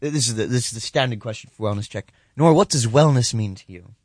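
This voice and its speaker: A man's voice: mid-range voice, fast talker, darkish tone, no room sound. Male co-host, mock-earnest and over-polite, dry close sound. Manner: mock-earnest and overly polite, with frequent repeats and restarts. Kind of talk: improvised comedy call-in show banter.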